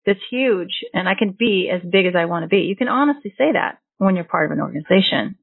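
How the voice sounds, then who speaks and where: A woman's voice: lowish voice, expressive, fast talker, creaky, no echo. A woman who hosts a recruiting podcast, chatting in an affirming, conversational way. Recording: tinny phone-like dry sound.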